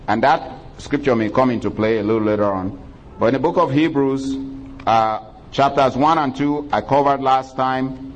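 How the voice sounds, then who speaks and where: A pastor preaching a sermon in a church, praying aloud, calling for amens and reading scripture in old-fashioned wording. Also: male voice, mid-range voice, muffled recording. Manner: preacherly, drawn-out calls of praise and call-and-response.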